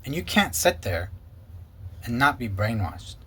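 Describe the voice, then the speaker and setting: Husky man giving earnest personal testimony. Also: sing-song, measured pace, fairly bright tone. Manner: earnest, emotional, quotes others in lowered voice. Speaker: former pastor and ministry co-founder.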